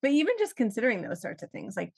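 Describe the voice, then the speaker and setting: A woman hosts a relaxed podcast conversation, and she sounds slightly out of breath. She talks in an upbeat, slangy, chatty way. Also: a little high, fast talker, gravelly, slightly rough. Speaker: podcast host. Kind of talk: casual chat.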